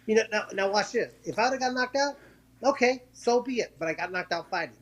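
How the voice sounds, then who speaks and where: A man with a high voice tells the story of one of his fights in a casual interview. He talks in quick bursts, tripping over restarts and repeats, and acts out the lines of the people in the story. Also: expressive, a bit bright. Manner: acts out quoted voices while telling a story. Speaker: former professional boxer, interview guest.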